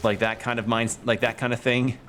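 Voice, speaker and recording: Rambling male streamer, mid-pitched. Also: level tone, a little fast, fairly bright tone. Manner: rambling, improvising bits aloud. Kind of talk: casual gameplay chat. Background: faint game music.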